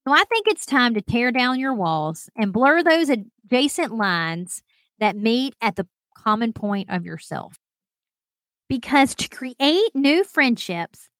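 A fairly high-voiced woman talks straight to her listeners in a solo podcast. Her manner is bubbly and chatty, and she laughs often. The sound is dry and close. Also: very animated, measured pace, a bit bright, no room sound. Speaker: podcast host.

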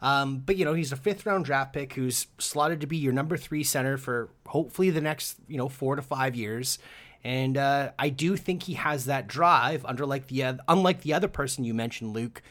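A man's voice: medium pitch, normal speed, fairly bright tone. A man co-hosting a casual sports podcast, chatty, with many fillers and restarts. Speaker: podcast co-host.

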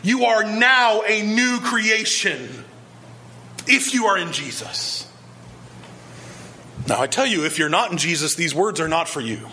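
A man's voice: high voice, lively intonation, measured pace, long pauses, pushed and bright, a little hiss or hum. A male pastor preaching a sermon, earnest and emphatic, pressing his point with repeated rhetorical questions.

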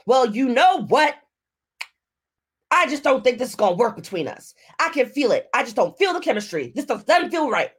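An awkward, pushy young man from a bad date, put on by a woman telling the story. He speaks in an earnest, pleading tone, a touch high, with a voice that rises and falls a lot. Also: big pitch swings, normal speed, slightly rough, exaggerated voice. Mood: dismissive.

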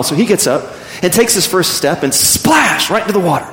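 High-voiced preacher in echoey hall. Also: male voice, brisk. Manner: earnest, animated preaching with repeated restarts. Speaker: pastor. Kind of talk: sermon.

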